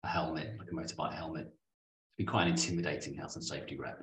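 A man's voice: rumbling low, fairly even intonation, very fast, echoey room, a little hiss or hum. A man co-hosting a legal podcast, teasing his co-host in a dry, playful way. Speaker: podcast co-host discussing employment law cases. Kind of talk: casual legal podcast banter.

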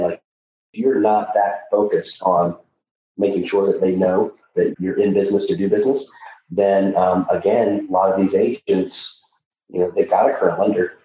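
A man's voice: low voice, steady tone, normal speed, warm tone. A middle-aged man coaching loan officers in a podcast conversation, emphatic, with frequent restarts. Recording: echoey, dull, distant mic with faint noise.

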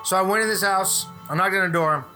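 A man's voice: sits high, fast talker, music in the background. A man who works as a gas service technician, telling profane stories about his job in casual chat and acting out the people he quotes.

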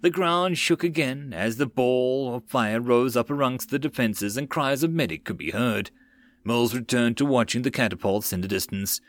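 A man narrating a web novel audiobook in a steady storytelling read. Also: medium pitch, normal speed.

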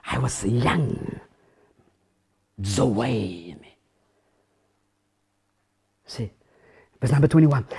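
A man preaching an impassioned sermon, often shouting, then dropping to a hushed intensity. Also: high voice, husky.

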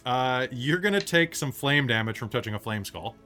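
A young man narrating as game master of a tabletop game, relaxed and rambling with self-mocking asides. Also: medium pitch, normal speed, faint music behind.

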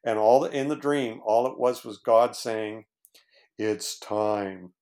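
A man's voice: medium pitch, steady tone, moderate pace, darkish tone. A man, a former pastor, earnestly telling his own story as a podcast guest, with many fillers and restarts. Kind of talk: casual storytelling in conversation.

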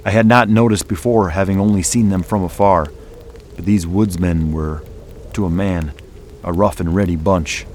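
A man narrating a dramatic first-person story in a measured, dramatic way, over a music bed. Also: sits low, fairly even intonation, a little mellow, a little hiss or hum. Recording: music playing underneath.

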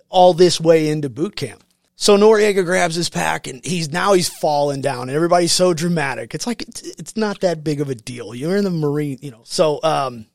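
A man's voice: a little high, no echo. A man, a military veteran, telling stories as a guest in a casual studio interview, acting out quotes with lots of fillers. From United States. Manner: animated, acts out quotes, many fillers.

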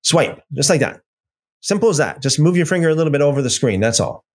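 Hosting a casual livestream, a man rambles and taunts, repeating himself as he reads out viewer comments. His voice is on the high side, expressive and fast.

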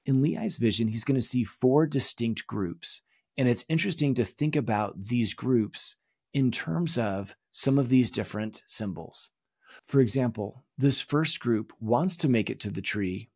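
A man's voice: mid-range voice, breathy edge, no echo, clean studio sound. A man teaching a recorded course lesson, explaining in an earnest tone with emphatic rises. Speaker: religion course instructor. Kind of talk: recorded video lecture.

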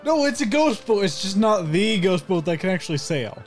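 A man's voice: high voice, sing-song, normal speed, loud music behind the voice. A man playing a tabletop game, teasing and swearing. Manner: teasing and profane. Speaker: player. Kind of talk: tabletop role-play banter.

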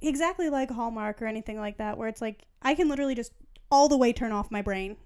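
A woman's voice: on the high side, fast talker, darkish tone, smooth. A woman co-hosting a podcast, telling a rambling story with frequent giggles in casual chat. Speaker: podcast co-host.

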